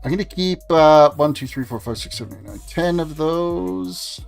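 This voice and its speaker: Forties Canadian man, game streamer, chatty running commentary, faint music under him, a touch high-pitched. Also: lively intonation, fast. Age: 40s. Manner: chatty, answering chat aloud. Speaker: gaming livestreamer. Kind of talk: casual gameplay commentary.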